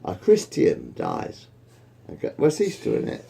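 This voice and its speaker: A man rambles through a joke among friends, restarting and swearing as he goes. His voice is gravelly and mellow, with a lively, swooping pitch. A faint hum of noise sits behind him. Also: unhurried. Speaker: joke teller.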